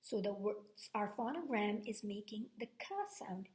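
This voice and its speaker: A woman teacher giving a slow, patient phonics lesson, checking in with "okay?" and repeating each sound. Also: mid-range voice, darkish tone, echoey room.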